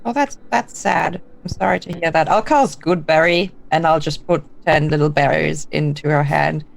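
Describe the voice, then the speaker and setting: A woman playing a tabletop game, chatty and lively, describing what her character does. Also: low voice, normal speed, vocal fry. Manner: lively, chatty, narrates her own actions. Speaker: player.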